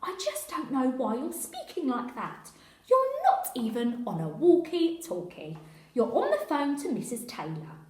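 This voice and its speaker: A woman voicing a short-tempered male police chief who snaps and shouts. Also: high-pitched, wildly swooping pitch, unhurried, echoey room, voice pushed up, heavily acted. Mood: irritated. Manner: shouting, irritable.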